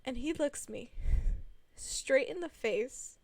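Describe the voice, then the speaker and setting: High-voiced young woman telling a story. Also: expressive, takes it slowly, a little mellow, dry recording. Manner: chatty and rambling, with many fillers. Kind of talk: casual storytime narration.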